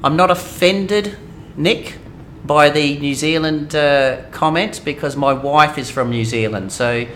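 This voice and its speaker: A man's voice: a little high, measured pace, fairly bright tone. Australian man, middle-aged, live stream chat, hesitant ums, faint noise behind. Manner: hesitant, many ums, reads chat aloud. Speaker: game streamer.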